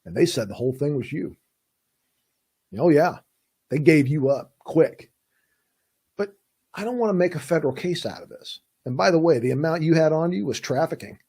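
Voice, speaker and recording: A man's voice: a little high, animated, normal speed, long pauses, mellow, slightly rough. A man voicing a coaxing police interrogator who pretends to be the suspect's friend. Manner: coaxing, reassuring. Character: smooth, falsely friendly male police interrogator.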